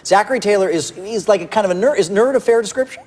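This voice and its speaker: A man's voice: high-pitched, quick pace, a little mellow. A male TV talk show host interviewing a guest in a teasing, playful way. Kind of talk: casual TV interview.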